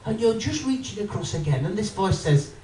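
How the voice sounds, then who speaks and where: A man doing an animated stand-up routine, talking straight to a live audience. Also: high-pitched, fairly quick. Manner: animated, addresses the audience, acts out voices. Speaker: stand-up comedian. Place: live comedy venue with audience. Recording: roomy live venue, mic from a distance.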